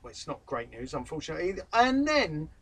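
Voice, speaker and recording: A man's voice: a little high, big pitch swings, fairly quick, a bit bright, slightly rough, far from the mic. A man hosting a casual football vlog indoors, making playful jokes and wordplay. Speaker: vlog host. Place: indoors, talking to camera.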